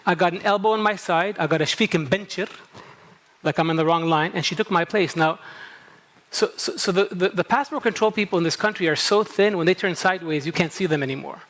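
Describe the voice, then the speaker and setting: Kuwaiti guy w american accent giving a conference talk, high voice, storytelling, lots of "okay?". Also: a little fast, a bit bright. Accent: American, picked up at a New England summer camp. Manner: anecdotal, repeats "okay?" and acts out inner dialogue. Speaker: psychologist and panel moderator. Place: conference stage.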